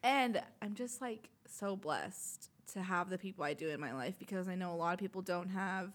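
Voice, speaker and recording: A woman's voice: on the low side, moderate pace. A young woman, co-hosting a podcast in casual chat, swearing freely and laughing often. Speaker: podcast co-host.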